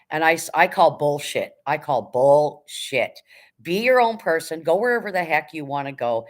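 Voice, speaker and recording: A woman running a casual livestream, preachy and outspoken, swearing without a second thought. She keeps hammering home the same rallying lines straight to her viewers, then drifts into greeting people from the chat. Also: low voice. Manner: blunt and preachy, swears freely; repeats rallying phrases, addresses viewers directly. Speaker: livestream host.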